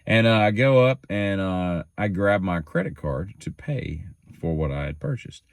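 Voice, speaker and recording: Daily-show host, male, low voice with a lively swing, chatty joker who drifts between topics, dry close mic. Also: normal speed, dry recording. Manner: joking, self-teasing, wanders off topic. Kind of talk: rambling casual storytelling.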